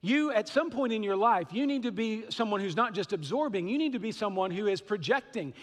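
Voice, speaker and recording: Southern preacher with a high voice. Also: male voice, expressive, fairly quick, fairly bright tone, long reverb tail. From Western Kentucky / Southern Illinois. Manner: earnest, conversational preaching with asides. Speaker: pastor. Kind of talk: sermon.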